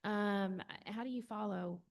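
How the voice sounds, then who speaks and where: A woman's voice: medium pitch, unhurried. A woman from church staff explaining how to follow the church online, hesitant with many fillers. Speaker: church staff member explaining social media.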